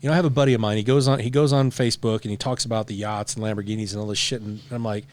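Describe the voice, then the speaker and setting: A man's voice: on the low side, steady tone, rapid-fire, few pauses. A middle-aged man, a podcast guest, talking in a blunt, profane, emphatic way in casual conversation.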